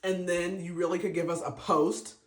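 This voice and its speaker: A man's voice: high voice, little pitch movement, moderate pace. Gushing man on a roomy podcast. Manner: gushing and emotional, many fillers and restarts. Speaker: podcast host reviewing a book. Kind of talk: casual spoken book review. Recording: roomy echo.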